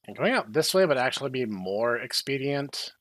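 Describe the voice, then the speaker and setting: A young man doing sarcastic, deadpan commentary while playing a horror game. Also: mid-range voice, moderate pace, no room sound. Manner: deadpan, dry sarcastic asides. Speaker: game streamer. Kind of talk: sarcastic let's-play commentary.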